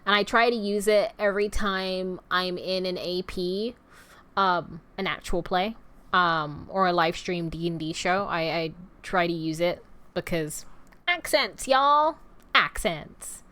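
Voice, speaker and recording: A woman's voice: on the low side, steady tone, measured pace, pushed and bright. A woman streaming and chatting casually with her viewers, rambling in a playful, talkative way. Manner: addresses viewers as "you guys" and "y'all". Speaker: VTuber streamer.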